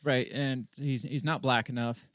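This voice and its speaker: Animated man in casual podcast chat. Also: medium pitch, unhurried, dry recording. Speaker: podcast co-host.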